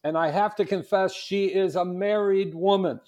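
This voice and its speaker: A man voicing a confident older male bishop in a joke, telling it in a relaxed, chuckling way. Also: high voice, normal speed, voice pushed up, lightly acted. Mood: amused.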